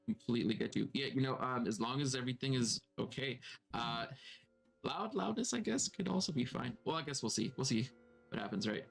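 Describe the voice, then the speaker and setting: A man's voice: medium pitch, animated, a little fast, creaky, fairly bright tone, faint music behind. A man running a tabletop game on a stream, setting scenes in an easygoing, chatty way. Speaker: game master.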